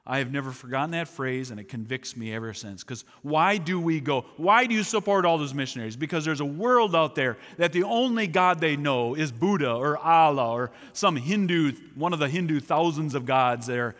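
A man's voice: a little high, normal speed, hardly any pauses. A man speaking as a missionary, giving a sermon full of stories and acting out the people he quotes. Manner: animated storyteller acting out quoted voices. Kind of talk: sermon with storytelling. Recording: long hall reverb.

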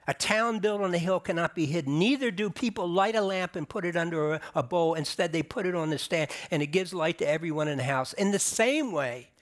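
A man's voice: high-pitched, a little fast, hardly any pauses. A man delivering a sermon as a pastor, explaining scripture in a conversational way and rising for emphasis. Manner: conversational preaching with restarts and emphatic rises. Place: church sanctuary.

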